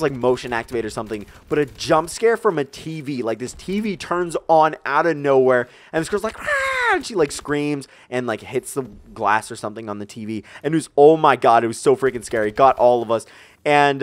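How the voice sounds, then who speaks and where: Young man, casual storytelling, animated, lots of filler words, dry close sound. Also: medium pitch, quick pace, no echo. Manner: animated, with frequent "like" and "you know". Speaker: vlogger.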